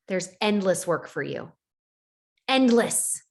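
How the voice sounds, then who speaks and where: A woman with a fairly high voice leads an upbeat coaching session for her team. She talks with a lively, conversational bounce, acting out other people's voices and checking in with "right?" as she goes. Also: moderate pace. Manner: animated, acts out quoted voices, frequent "like" and "right?". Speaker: network marketing team leader. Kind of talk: motivational coaching talk on a call.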